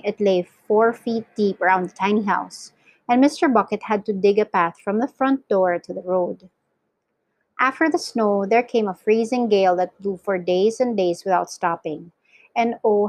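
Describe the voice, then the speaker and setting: A woman reading a children's novel aloud for a class, in clear, steady storytelling narration. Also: mid-range voice, no room sound, rough recording. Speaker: reader for an English class.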